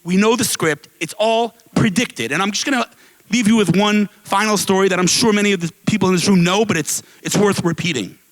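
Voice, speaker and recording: A man giving an impassioned speech to a live audience at an event, telling stories and asking rhetorical questions in a casual, animated way. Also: high-pitched, brisk, poor audio. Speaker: guest speaker at an advocacy event. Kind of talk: impassioned public speech with storytelling.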